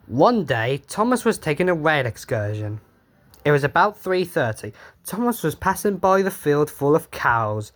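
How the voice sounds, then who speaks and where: A man's voice: fairly high pitch, sing-song, moderate pace, fairly bright tone. A man casually reading his own storybook tale aloud, offhand and sweary, stumbling over words. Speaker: reader.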